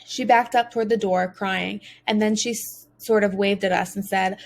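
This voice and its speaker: A woman's voice: medium pitch, fairly even intonation, normal speed, creaky, hardly any pauses, slight background noise. A woman narrating a first-person audiobook as a teenage boy, earnest and emotional.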